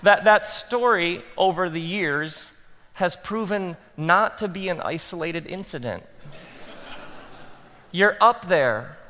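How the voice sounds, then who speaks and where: A man speaking as a pastor to a live audience, telling animated stories and acting out his own thoughts in soft asides. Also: sits high, takes it slowly, in a large hall. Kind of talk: talk to pastors, animated storytelling.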